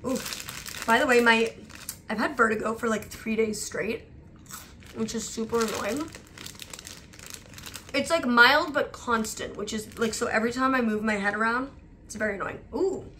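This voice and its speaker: A young woman vlogging as she samples snacks, her voice bright and a touch high. She chats freely and leans on "like" as a filler. A faint hum of room noise sits underneath. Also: moderate pace, long pauses. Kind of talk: casual chat while taste-testing snacks.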